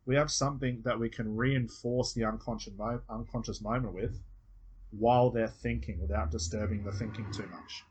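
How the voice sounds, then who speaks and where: An Australian man coaches a student one on one, his voice low and a little husky. He explains patiently step by step and acts out short example phrases as he goes. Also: fairly even intonation, moderate pace, a little mellow. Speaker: hypnosis coach.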